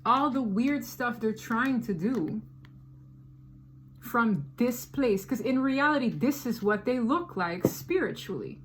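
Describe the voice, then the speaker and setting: A woman giving a casual tarot reading, talking in an animated, slangy and emphatic way. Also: a little high, slow pace, slight background noise. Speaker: tarot reader.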